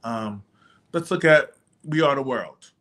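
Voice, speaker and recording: A man's voice: medium pitch, lively intonation, measured pace, a bit bright. A man co-hosting a casual podcast chat, explaining his point steadily and often giving short agreements.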